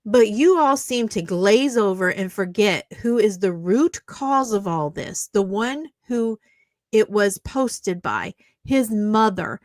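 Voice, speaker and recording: Woman vlogger, sarcastic mocking rant, mid pitch, dry close sound. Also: no room sound. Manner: indignant. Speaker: YouTuber. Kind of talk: ranting reply to commenters.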